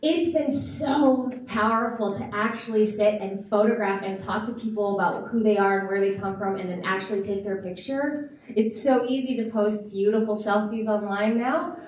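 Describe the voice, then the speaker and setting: A woman's voice: medium pitch, moderate pace, a little mellow. A woman in her thirties, a teacher, giving an earnest, reflective talk on a festival stage with some fillers. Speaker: teacher and speaker. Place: festival stage in a large hall. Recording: echoey hall, voice picked up from a distance.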